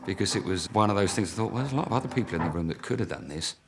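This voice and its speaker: A singer in a documentary interview, reflecting hesitantly on a recording session. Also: male voice, deep voice, expressive, rapid-fire, noisy background.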